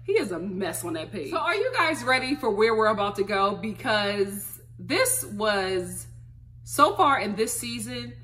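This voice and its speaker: A woman's voice: medium pitch, big pitch swings, unhurried, sharp tone. A woman vlogger recapping a reality show in casual, gossipy commentary, laughing often and recording on her phone.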